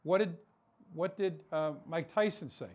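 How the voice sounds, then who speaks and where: A man's voice: a little high, a little slow, darkish tone, muffled recording. A man hosting a political talk show, delivering an impassioned commentary monologue full of rhetorical questions and repeated words for emphasis.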